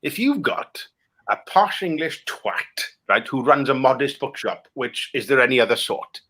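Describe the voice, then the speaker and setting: A Welsh man in improvised comedy chat, swearing and ranting crudely as he tears into film pitches. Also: animated, normal speed, pushed and bright. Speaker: comic guest critiquing film pitches.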